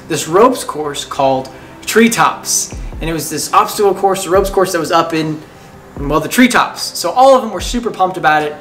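A man's voice: fairly high pitch, a bit bright. A man giving a short devotional talk, telling a story in a conversational, earnest way. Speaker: devotional speaker.

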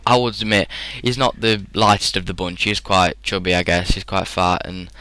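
Chatty british teen lad telling a story over gameplay, lowish voice but bright and crisp, dry close mic. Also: male voice, fairly even intonation, moderate pace, no room sound, poor audio. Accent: British English. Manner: rambling, chatty, frequent fillers and laughs. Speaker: gaming commentator.

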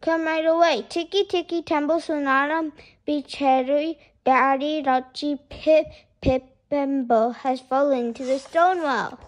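A desperate small boy , put on by a woman reading a storybook, shouts out his pleas breathlessly. His voice sits very high and loud and keeps its urgent, pleading push. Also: brisk, hardly any pauses. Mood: shouting.

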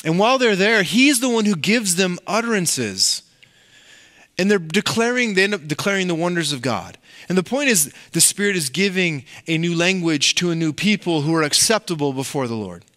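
A pastor delivering a sermon in a church, his voice sitting a little high for a man. He preaches in a relaxed, conversational way, bouncing between scripture and playful asides to the people in front of him. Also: moderate pace.

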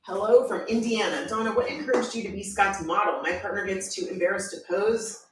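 A woman's voice: mid-range voice, a little fast, heavy reverb, recorded from a distance, background noise. A woman co-hosting a live art stream, reading viewer questions and chatting casually. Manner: chatty, animated, reads questions aloud. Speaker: co-host reading viewer chat.

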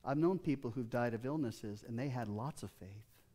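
A man's voice: mid-range voice, normal speed, mellow. Earnest older male pastor. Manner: earnest personal storytelling with frequent restarts. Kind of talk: sermon.

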